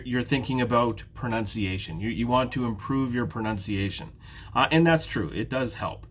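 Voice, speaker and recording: A male English teacher giving a prerecorded beginner lesson, speaking slowly and carefully and repeating words for his students. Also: mid-range voice. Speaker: ESL teacher.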